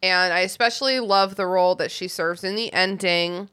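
A woman's voice: lowish voice, normal speed, bright, forceful tone, clear, resonant tone. A woman co-hosting a podcast, talking casually and enthusiastically about a book, with restarts and casual swearing. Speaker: podcast co-host.

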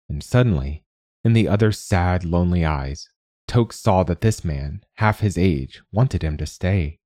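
A man reading a story aloud in scripted narration with a measured, even delivery. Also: sits low, dry recording, studio quality.

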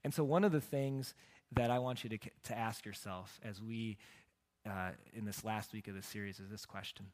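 A man preaching a sermon as a pastor, telling stories with humor and swinging between loud, emphatic lines and hushed ones. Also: fairly low pitch, moderate pace. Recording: long hall reverb.

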